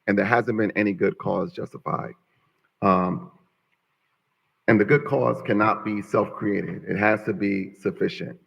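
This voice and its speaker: A man who owns a business, speaking during public comment at a council meeting, measured and hesitant with many fillers. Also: lowish voice, steady tone, gravelly, a bit bright, husky. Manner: measured, with frequent ums and uhs. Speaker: business owner addressing council. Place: city council chamber. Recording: dull lo-fi council audio.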